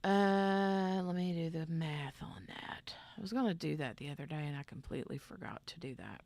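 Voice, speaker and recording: A woman's voice: low-pitched, lively intonation, moderate pace, creaky, a little mellow. A woman hosting a casual craft livestream, chatting in a rambling way and reading out viewer comments. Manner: rambling, chatty, reads chat aloud. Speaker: craft channel host.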